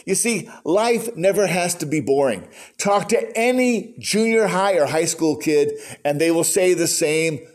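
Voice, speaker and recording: A man's voice: fairly high pitch, animated, unhurried, hardly any pauses. An older man preaching a sermon in a conversational storytelling way, acting out quotes. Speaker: pastor.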